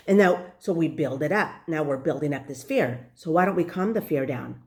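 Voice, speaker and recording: A woman's voice: deep voice, animated, normal speed, hardly any pauses, darkish tone. A woman life coach giving an earnest, conversational motivational talk to the camera, with frequent fillers. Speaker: life purpose and leadership coach.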